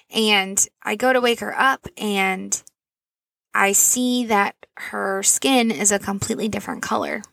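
A woman's voice: medium pitch, vocal fry, a bit bright, dry recording. A woman in her thirties, a mother of four, telling a personal story in an earnest, rambling way, full of asides and fillers. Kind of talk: casual storytelling to camera.

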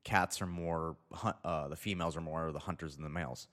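A man's voice: rumbling low, fairly even intonation, a little fast, fairly bright tone. A young man telling a rambling, profane comedic anecdote, often cutting himself off mid-sentence. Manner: rambling, profane, self-interrupting. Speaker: storyteller. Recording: long reverb.

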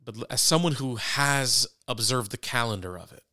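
A man's voice: mid-range voice, moderate pace, bright, forceful tone, dry recording, clean studio sound. A man co-hosting a casual faith discussion podcast, conversational and self-deprecating, often restarting his sentences. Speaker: podcast co-host.

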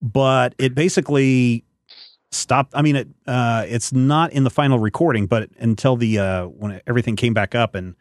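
A man hosting a podcast in relaxed, rambling chat, pausing often and filling gaps as he goes. His voice sits at a middle pitch, and the sound is dry and close with no room around it. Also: no room sound. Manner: rambling, halting, lots of fillers. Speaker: podcast host. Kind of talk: casual chat.

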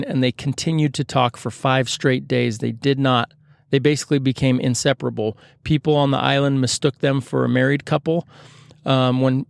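A man with a gravelly, creaky voice tells a story casually, cracking jokes as he goes. He rambles and corrects himself often, and the room around him sounds dry and close. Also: mid-range voice, no room sound. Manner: rambling, joking, many fillers and self-corrections.

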